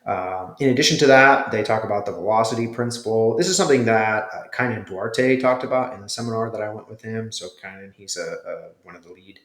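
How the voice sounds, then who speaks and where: A man in his thirties with a fairly low voice talks through a review in a relaxed, thinking-aloud way, pausing on fillers as he goes. He sounds like an instructor explaining things to his students. The recording has a roomy echo around him. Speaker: jiu jitsu instructor reviewing a course. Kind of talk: casual spoken review.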